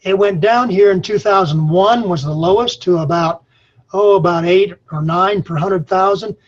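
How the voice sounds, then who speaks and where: A man's voice: high voice, normal speed, highs cut off. Folksy older man giving a webinar talk. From Colorado. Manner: folksy, storytelling, says y'all. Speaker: extension speaker on farm mental health. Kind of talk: webinar presentation. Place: his office.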